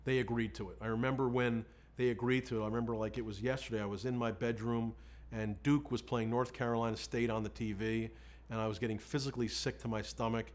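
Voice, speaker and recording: A middle-aged male defense lawyer looking back on a case in an interview, frank and animated, breaking into laughs as he tells it. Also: medium pitch, fast. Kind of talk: candid recollection in an interview.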